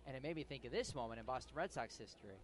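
A man's voice: mid-range voice, expressive, very fast, a little hiss or hum. A young man in a ballpark broadcast booth, chatting as the color commentator in a rambling, self-interrupting way and laughing often. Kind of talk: casual baseball booth banter.

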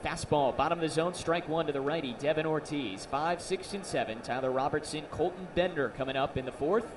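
A man calling minor league baseball play-by-play on radio, excitable on big plays and joking with his partner. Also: on the high side, fairly quick, recorded from a distance, noisy background. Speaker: play-by-play announcer.

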